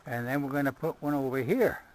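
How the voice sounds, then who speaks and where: A man's voice: mid-range voice, brisk, slight background noise, low-quality recording. An older man giving a chatty running commentary outdoors as he works on his car. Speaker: vlogger. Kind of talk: casual do-it-yourself vlog.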